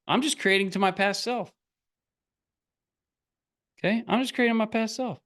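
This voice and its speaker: A man's voice: high-pitched, lively intonation, fairly quick, long pauses, fairly bright tone. A middle-aged man coaching on online business in a blunt, rambling, casual motivational talk, often breaking into laughs.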